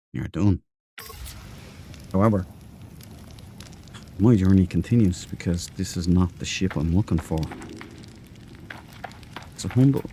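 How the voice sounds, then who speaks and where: A man's voice: on the low side, mellow. An Irish man streaming a space game live, rambling and chatty, with slangy asides. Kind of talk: casual live-stream chat.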